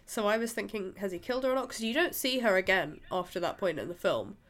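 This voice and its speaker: A woman's voice: mid-range voice, expressive, quick pace, a bit bright. A woman co-hosting a podcast, chatting casually and giggling through a film review with lots of fillers. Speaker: podcast co-host.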